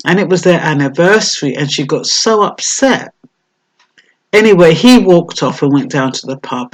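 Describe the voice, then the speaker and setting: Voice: mid-range voice, low-quality recording. Hesitant vlogger thinking aloud. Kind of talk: casual reflective monologue.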